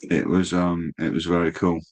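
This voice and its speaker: A man's voice: sits low, flat delivery, normal speed, darkish tone. A man chatting casually as a stream host, laid-back, swearing freely and calling people mate. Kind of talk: casual chat.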